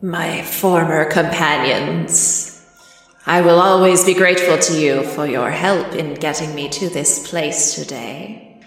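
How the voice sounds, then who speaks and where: A woman voicing a grateful former party companion, speaking formally and slowly. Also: deep voice, soft background music. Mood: solemn. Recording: echoey room with long reverb.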